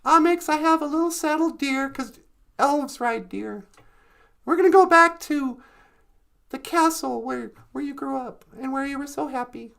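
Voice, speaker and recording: A woman voicing a protective vampire big sister, speaking softly and slowly to reassure. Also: high voice, vocal fry. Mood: tender.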